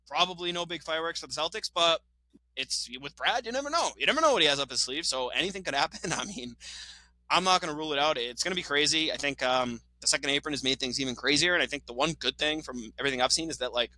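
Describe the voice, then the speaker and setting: A man co-hosting a casual sports podcast, talking with fast, excited opinions, laughing often and swearing now and then. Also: a little high, no room sound, poor audio. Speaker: podcast co-host.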